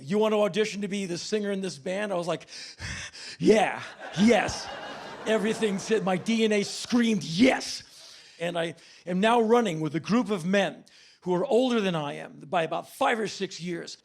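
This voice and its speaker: A man in his fifties telling a stand-up story on stage, with a deadpan, politely mock-formal delivery. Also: high-pitched, gravelly, slight background noise. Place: stage before a laughing audience.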